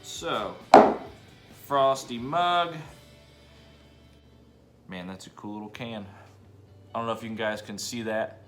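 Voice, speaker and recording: A man's voice: fairly low pitch, takes it slowly, pauses often, loud music behind the voice. A man casually reviewing a beer in his home basement bar, talking in a laid-back, enthusiastic way and swearing now and then.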